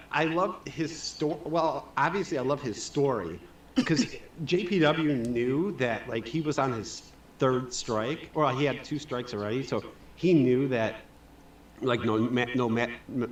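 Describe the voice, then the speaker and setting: A mid-pitched man who talks in stop-start runs, repeating words as he searches for them, with a faint noise floor behind his mic. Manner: stammering, halting, laughs while talking. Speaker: guest. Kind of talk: casual live-stream chat.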